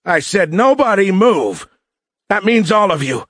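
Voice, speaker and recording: A man's voice: sits high, sing-song, dry recording, voice pushed up, full character voice. An arrogant young cadet barks orders and sneers at everyone around him, as a man narrating an audiobook puts him on. The voice sits well above the reader's own and drags out its words with open contempt. Recorded dry and close. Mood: sneering. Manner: shouting, sneering, drawn-out words. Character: young male cadet, arrogant mutineer, hostile.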